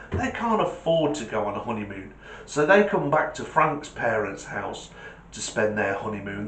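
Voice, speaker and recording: Animated comedian in an echoey room. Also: male voice, mid-range voice, a little hiss or hum. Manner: animated, punchy storytelling. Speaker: comedy channel host. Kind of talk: joke telling.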